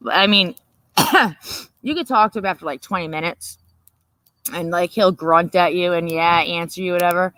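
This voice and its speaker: Bright-voiced woman rambling. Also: on the low side, moderate pace, no echo, rough recording. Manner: rambling, profane and laughing. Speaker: livestream host. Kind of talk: casual late-night chat.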